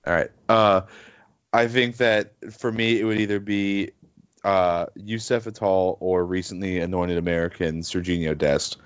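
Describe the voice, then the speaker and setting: A man's voice: deep voice, unhurried, clean tone, lo-fi sound. A man co-hosting a casual sports podcast, talking in a rambling, hesitant way with many fillers. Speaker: podcast co-host.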